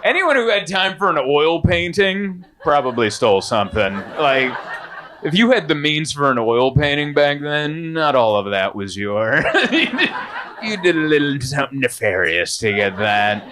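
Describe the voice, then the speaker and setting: A man performing a stand-up comedy set, animated and swinging into high, exaggerated bits. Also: moderate pace, slight background noise.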